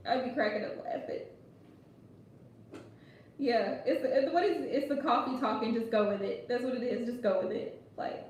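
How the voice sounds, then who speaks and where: A woman's voice: sits high, unhurried, a little mellow, distant mic. A woman hosting a casual live stream as a tarot reader, chatty and rambling, with frequent laughs and fillers. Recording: very echoey room, voice away from the mic, faint noise.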